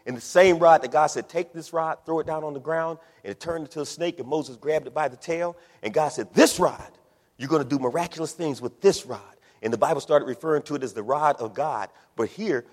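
A man preaching a sermon, using repetition and rhythmic build-ups that rise into shouts. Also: mid-range voice. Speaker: pastor. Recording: long reverb of a large hall.

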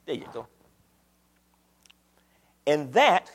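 Animated preacher in a reverberant church. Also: male voice, slow, long pauses, breathy edge. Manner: animated preaching, pitch leaps on questions, folksy talk. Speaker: pastor. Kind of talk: sermon. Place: church sanctuary. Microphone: microphone on a stand.

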